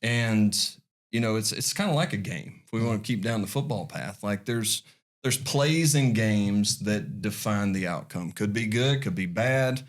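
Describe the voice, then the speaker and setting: A man in his forties, appearing as a podcast guest, shares a heartfelt personal story in an earnest, folksy manner. His voice is on the low side and his pace measured, and he often restarts his phrases.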